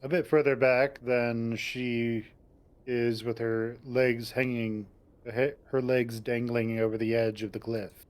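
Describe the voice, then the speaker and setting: A man on an online voice call, reading visual novel narration and joking around in a calm, dry way. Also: mid-range voice, slow pace. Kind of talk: casual chat and narration reading.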